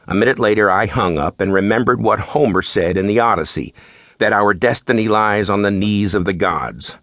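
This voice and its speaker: A man narrating a mystery novel in the first person, in a relaxed, wry storytelling manner. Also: on the low side, normal speed, no room sound, studio quality. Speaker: audiobook narrator.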